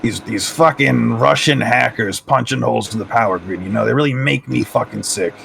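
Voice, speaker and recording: A man's voice: medium pitch, normal speed, vocal fry, a bit bright, slight background noise. A man voicing a crude, grumbling New York man, with a put-on New York accent, swearing often. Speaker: player.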